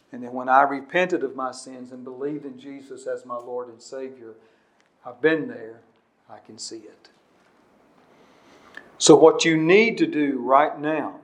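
A man preaching a sermon as the pastor, earnest and emphatic, repeating his points and swinging between loud declarations and quiet, low stretches.

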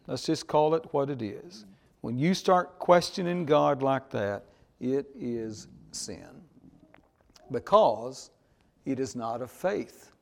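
A man preaching a sermon at a slow, deliberate pace. His voice sits a little higher than most men's. He presses each point home and checks in with his listeners. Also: a little mellow. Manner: slow, emphatic preaching with call-and-response "Amen?". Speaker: pastor.

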